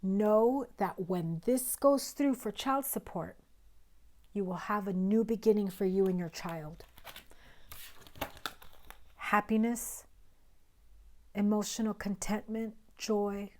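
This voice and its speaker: A woman giving a tarot reading to camera, earnest and direct, her voice strained and rough from illness, sometimes dropping into low mutters. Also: slow, long pauses, a little mellow. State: recovering voice, coughing. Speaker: tarot reader.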